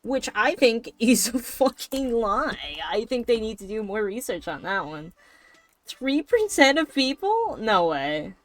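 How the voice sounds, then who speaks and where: A woman streamer with a fairly high, sing-song voice chats casually at a measured pace while she draws. She rambles and swears now and then, with faint music in the background.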